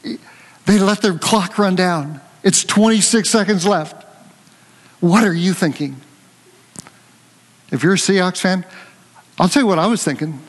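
Older preacher, high voice, hall reverb. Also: male voice, a little slow, pauses often. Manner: animated storytelling, jokes with the congregation. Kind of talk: conversational sermon.

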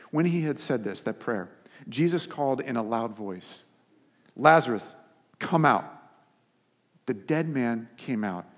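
A man preaching a sermon as pastor, earnest, stacking repeated phrases for emphasis and dropping soft for quoted words. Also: medium pitch, husky. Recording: long reverb of a hall.

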